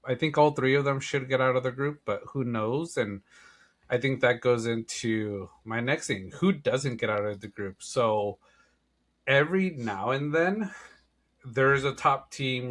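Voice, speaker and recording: A man's voice: mid-range voice, slow, fairly bright tone. Easygoing male sports podcast co-host. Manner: easygoing, frequent "yeah" and restarts. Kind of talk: casual sports chat.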